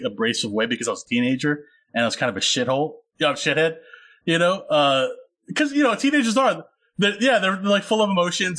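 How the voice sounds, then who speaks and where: A man's voice: a little high, a bit bright. A man co-hosting a film chat, talking in a rambling, earnest way with many fillers and restarts. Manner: earnest and personal. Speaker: podcast co-host discussing a film. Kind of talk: casual chat.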